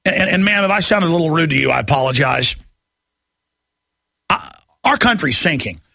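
A man's voice: a little high, animated, brisk, vocal fry, bright, forceful tone, dry recording. A middle-aged man hosting a talk radio show, ranting in a heated, agitated monologue.

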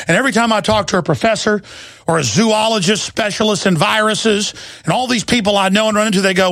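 A radio host in his thirties launches into an impassioned rant on his talk show, speaking into a studio mic and breaking into shouts. His voice is high, his pace moderate, and there is no room sound.

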